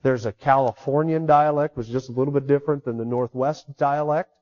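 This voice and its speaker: A man's voice: mid-range voice, steady tone, a little fast, a little mellow, dull audio. A man preaching a sermon in an emphatic way, repeating key words for stress. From United States. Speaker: pastor.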